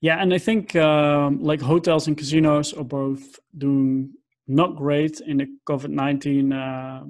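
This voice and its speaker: A man's voice: on the high side, little pitch movement, measured pace. A man hosting an interview, asking questions hesitantly with many fillers such as um and like, his questions often trailing off. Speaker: podcast host. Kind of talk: conversational interview.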